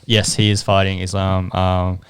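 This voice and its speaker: An Australian man on a sports podcast, reading out details he has looked up in a measured way. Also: low voice, monotone, clear, resonant tone. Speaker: podcast co-host looking things up. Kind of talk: casual chat.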